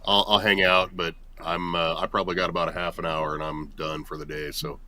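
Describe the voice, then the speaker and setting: Very deep, bright-toned congested man. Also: level tone, a little fast. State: congested with a cold. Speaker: guest at the jam. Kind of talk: casual chat.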